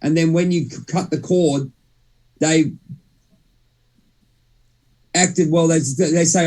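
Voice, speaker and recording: A man's voice: a little high, steady tone, moderate pace, long pauses, darkish tone. A young man, co-hosting a casual spiritual chat, rambling and cutting himself off mid-sentence. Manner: rambling, self-interrupting, swears mildly. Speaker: podcast co-host.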